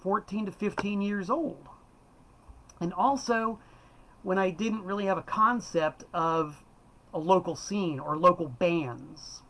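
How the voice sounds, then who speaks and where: A man's voice: high voice, slow pace, fairly bright tone, low-quality recording. A man in his fifties from South Florida, hosting a casual, rambling monologue about records and correcting himself as he goes. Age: 50s. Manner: rambling and enthusiastic, self-correcting. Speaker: host.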